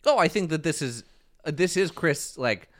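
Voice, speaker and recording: A man's voice: a little high, animated, moderate pace, a bit bright. A man co-hosting a casual recap podcast, retelling events and acting out the players' quotes. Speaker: podcast co-host.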